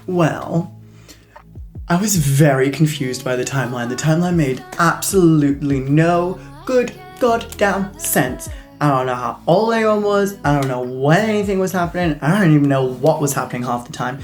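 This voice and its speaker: Snarky low-voiced woman reviewing a movie. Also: animated, moderate pace, darkish tone, faint music behind. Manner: snarky, mocking, peppered with swearing and "like". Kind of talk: casual sarcastic review vlog.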